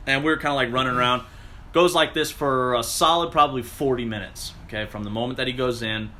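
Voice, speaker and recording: A man recounting a story in casual chat, animated and profane, jumping into the voices of the people he quotes. His voice is bright and forward, with an ordinary middle pitch. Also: fairly quick.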